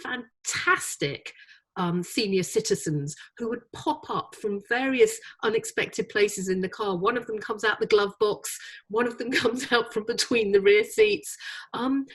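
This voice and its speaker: A woman's voice: medium pitch, a little slow, husky. Chatty woman judging ad awards. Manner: animated, many fillers, laughs easily. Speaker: awards jury chair. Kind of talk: interview answers.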